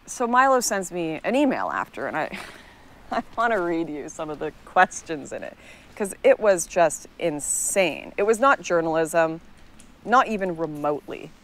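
A woman's voice: lowish voice, lively intonation, normal speed, fairly bright tone. A young adult woman earnestly telling a personal story in a video monologue. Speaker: political commentator telling her story.

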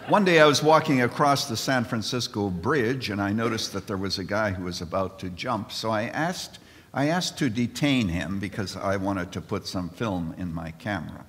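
A man in his seventies delivers a sermon to a conference crowd, his pitch rising and falling in wide, lively arcs. He tells stories with easy comic timing before he turns serious. His voice rings out with the long reverb of a large hall. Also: normal speed. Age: 70s. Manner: animated storyteller with comic timing. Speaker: conference speaker. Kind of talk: sermon with jokes.

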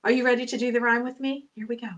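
A woman's voice: fairly high pitch, little pitch movement, very fast, highs cut off. A woman hosting a children's storytime, singing songs and talking to small children in a sing-song, exaggerated manner. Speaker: children's librarian.

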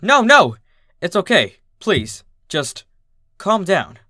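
A gentle, frightened pony father from a dark storybook reading, voiced by a man, soothing and pleading. His voice is bright and fairly high, recorded close and dry. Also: lively intonation, measured pace, no echo.

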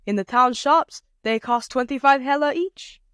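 A woman voicing a peasant woman who is calm and shrewd and speaks in a matter-of-fact way while she haggles. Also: sits high, normal speed, smooth, no echo, clean studio sound, pitched above the performer's own voice.

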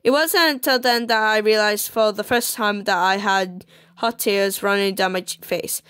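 A woman's voice: mid-range voice, steady tone, fairly bright tone, clear, resonant tone, dry recording. A woman reading a romance visual novel aloud, stumbling and restarting words often. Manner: halting, with frequent fillers and restarts on words.

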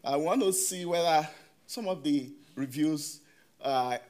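Man giving a halting research talk. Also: fairly high pitch, darkish tone. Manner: halting, frequent "you know" fillers and restarts; asks the audience questions. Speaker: academic presenter. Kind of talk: conference research presentation.

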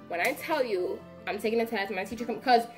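A young woman recounts a story in a casual vlog. Her voice sits a little high, and she tells it with lively drama and slangy asides. Soft music plays faintly behind her. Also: a little fast. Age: young adult. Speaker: vlogger.

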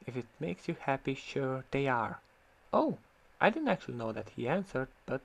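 A man's voice: fairly high pitch, very animated, normal speed, gravelly. Heated man ranting. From Croatia. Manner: heated, sarcastic, swears freely. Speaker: vlogger. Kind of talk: ranting commentary on an online argument.

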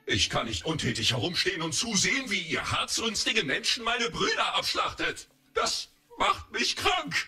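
Bitter talking tree, game character, shouting, bright and high, heard from a distance. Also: male voice, wildly swooping pitch, normal speed, faint music behind, exaggerated voice. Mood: furious. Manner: shouting, indignant. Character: furious talking tree, male, bitter toward humans. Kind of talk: video game voice acting.

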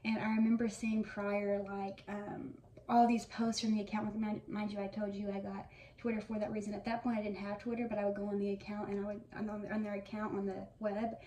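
A woman's voice: medium pitch, flat delivery, brisk, few pauses, warm tone, muffled recording. Gushing young woman, roomy distant sound. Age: around 20. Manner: gushing fan storytelling with many fillers. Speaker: vlogger. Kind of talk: casual reminiscing monologue. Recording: echoey room, mic at a distance, faint noise.

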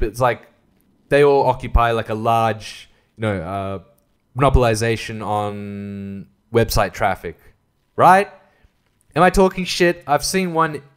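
Man, solo podcast host, casual rant, swears a lot, rambling, middle pitch. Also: smooth. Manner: profane, rambling, laughs at his own jokes.

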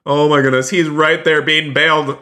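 A man live-streaming a roleplay game, excitedly narrating each move to his viewers and often repeating himself. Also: fairly high pitch, normal speed. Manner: repeats phrases, keeps saying "you guys".

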